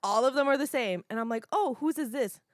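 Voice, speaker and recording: A woman's voice: high-pitched, a little fast, no room sound, studio quality. A woman podcast co-host telling an anecdote in casual chat, slangy and acting out quotes. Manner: animated storytelling with acted quotes, slangy.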